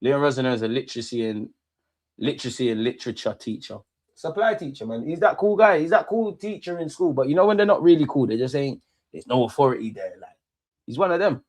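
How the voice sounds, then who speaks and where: A man's voice: mid-range voice, animated, fast talker, darkish tone, no room sound. A young man, a streamer ranting and mocking rival fans in slang-heavy banter during a live football watch-along. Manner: brash, mocking rants with London slang.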